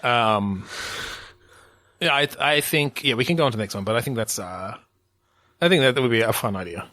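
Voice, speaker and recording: A man's voice: medium pitch, fairly quick, pushed and bright, no echo. A man co-hosting a podcast in casual chat, rambling with many fillers and restarts and laughing often. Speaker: podcast co-host.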